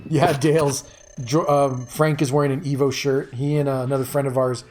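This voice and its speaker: A chatty man hosting a relaxed gaming stream, talking at an everyday middle pitch. He greets viewers by name and stops to hunt for the right word. Faint game music plays behind him. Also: fairly quick. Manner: chatty, greets chat by name, searches for words. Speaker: streamer host. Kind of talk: casual stream chat while gaming.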